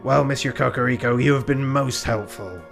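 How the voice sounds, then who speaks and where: A man doing a gruff pirate-voiced rooster inspector. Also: medium pitch, soft background music, lightly acted. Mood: stern. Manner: pirate voice, slow and grave. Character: gruff male rooster police inspector, stern.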